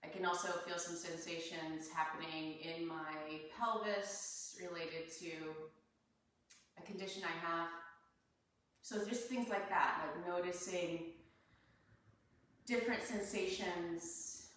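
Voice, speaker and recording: A woman yoga teacher leading a class, talking students through their breathing in a calm, unhurried way. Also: lowish voice. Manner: calm, unhurried guidance with soft laughs. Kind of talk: guided breathing instruction. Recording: echoey room, voice a bit far from mic.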